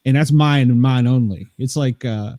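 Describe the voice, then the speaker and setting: A man from the American South speaks in a warm, mellow voice, recorded close and dry. He chats on a podcast in an easygoing way, often pausing with little fillers. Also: medium pitch, no echo. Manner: easygoing, halting, lots of fillers. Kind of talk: casual podcast chat.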